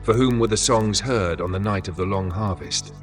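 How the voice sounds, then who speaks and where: A man voicing a cold, relentless male inquisitor in a dark fantasy story, speaking in a clipped way. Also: lowish voice, moderate pace, natural voice. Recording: voice from a distance with faint music.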